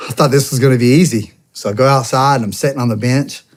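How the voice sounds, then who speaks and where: A man's voice: medium pitch, fast talker. A man in his thirties, a podcast guest, telling stories casually and acting out the dialogue in them. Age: 30s. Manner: animated, acts out quoted dialogue. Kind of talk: casual storytelling.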